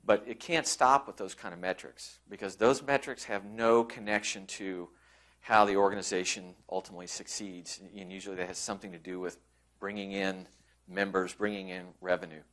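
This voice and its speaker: A man with a deep, fairly bright voice gives a conference talk at a normal speed and fairly even intonation. He's conversational, restarts frequently, and acts out colleagues he quotes.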